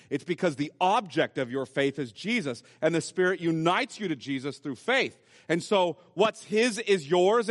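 Preacher man in a reverberant church hall. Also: fairly high pitch. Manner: teaching, explaining scripture step by step. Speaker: pastor. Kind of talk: sermon. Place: church sanctuary.

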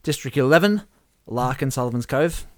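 A man in casual chat, reading out game events with animated play-by-play. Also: mid-range voice, normal speed, no echo, studio quality. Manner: animated play-by-play, chuckling at the results. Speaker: host running a whisky-themed game simulation.

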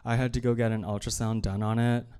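A man performs a comic story at a live evening show. His voice is smooth and resonant at a middle pitch, and he talks in a loose, self-deprecating way full of fillers and little asides. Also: level tone, quick pace, warm tone. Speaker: stand-up comedian.

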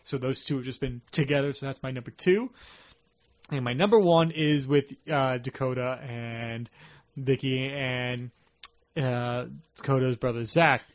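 A man hosting a casual podcast, telling stories with energy and slipping into quick impressions. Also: medium pitch. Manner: animated storyteller, slips into impressions. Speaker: podcast host. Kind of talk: casual chat.

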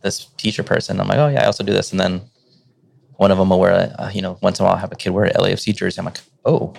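A middle-aged man, a teacher telling stories in a relaxed, rambling way full of fillers. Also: low-pitched, racing, gravelly, no echo. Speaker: teacher and podcast guest. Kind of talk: casual conversation.

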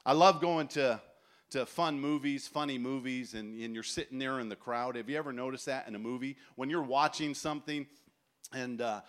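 A man in his forties preaching a sermon at a festival, telling stories with animated acted-out voices. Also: mid-range voice, normal speed. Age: 40s. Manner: animated storytelling, acts out voices. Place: large tent festival gathering.

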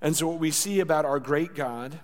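A man preaching a sermon in a casual, conversational way. He acts out quoted lines and drops to a soft voice for tender words. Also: on the high side, a little fast. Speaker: pastor. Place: church sanctuary. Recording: church hall with long reverb.

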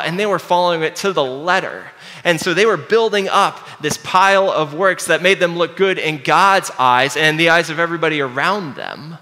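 A man preaching a sermon earnestly, dropping low and quiet to stress his key points. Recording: long hall reverb.

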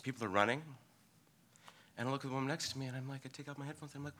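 A man, a local surfer, telling a personal story live on stage, in a vivid, halting way that swings between excited bursts and hushed passages. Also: medium pitch. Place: live storytelling event before an audience.

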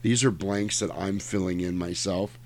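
Low-voiced man, rambling casual storyteller. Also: moderate pace. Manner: rambling, profane, animated storyteller with many fillers. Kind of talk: casual conversational retelling.

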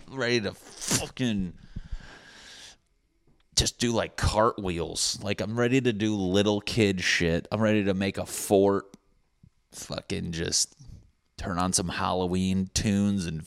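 Very deep-voiced rambling podcast man. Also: fairly bright tone, no room sound. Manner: rambling, profane, jokey, goes off on tangents. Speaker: podcast host. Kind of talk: casual solo podcast monologue. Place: apartment room with thin walls.

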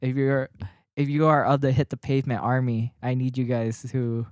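A man on a podcast telling a story in casual chat, animated, swearing and laughing as he gets worked up. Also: mid-range voice, moderate pace, no echo, studio quality.

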